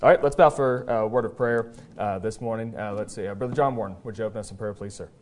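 A man preaching a sermon as pastor in a church service, in a folksy, conversational way with frequent "uh" pauses. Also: fairly low pitch, darkish tone, a little hiss or hum. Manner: tells a joke story then presses the point earnestly.

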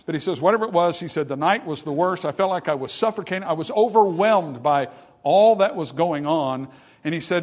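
A man preaching a sermon, repeating phrases and asking the listeners whether they follow, moving from hushed passages to loud emphatic ones. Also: a little high, fairly quick. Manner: repetitive, addresses audience with questions.

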